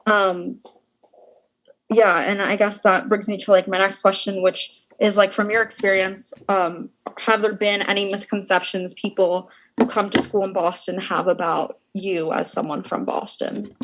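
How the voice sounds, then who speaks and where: A young woman moderating a casual panel over a video call, relaxed and affirming. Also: mid-range voice, a little slow, background noise. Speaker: discussion moderator.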